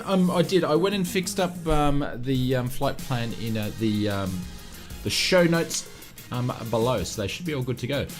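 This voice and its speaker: An Australian man with a high, very animated voice hosts a live stream, chatting warmly with viewers and filling gaps with ums. Faint music plays behind him. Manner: chatty, friendly, many fillers. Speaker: flight sim streamer.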